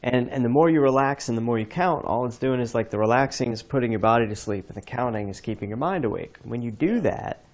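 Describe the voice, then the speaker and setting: A man's voice: mid-range voice, quick pace, hardly any pauses. A man hosting a podcast, telling a rambling story in casual chat with many restarts. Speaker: podcast host.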